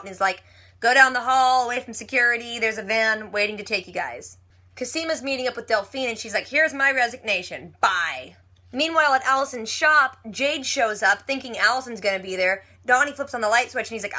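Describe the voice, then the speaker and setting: A woman giving a casual TV episode recap, chatty and retelling scenes with quick quoted lines. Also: medium pitch, pushed and bright. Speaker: TV recap vlogger.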